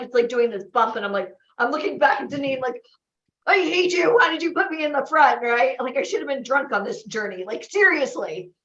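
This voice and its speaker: A woman gives a lively motivational talk to a crowd, her voice a little high and full of exclamations. Her voice rings with a roomy echo, and the sound is slightly dull, as from a livestream. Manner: animated, exclaiming, asks the crowd questions. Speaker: event host. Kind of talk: motivational talk to a live audience. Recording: echoey, dull livestream audio.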